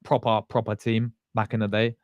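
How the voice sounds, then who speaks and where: A man's voice: on the low side, flat delivery, moderate pace, no room sound, highs cut off. Slangy man chatting on a livestream. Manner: chatty and slangy, rambling with restarts. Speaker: fan channel host. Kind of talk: casual livestream chat with viewers.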